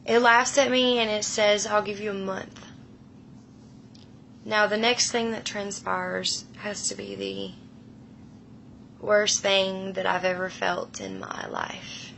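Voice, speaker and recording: Slow, gravelly woman telling a haunting story. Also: mid-range voice, slight background noise, low-quality recording. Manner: slow, hushed, emotional retelling that drops to whispers. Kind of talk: personal paranormal story.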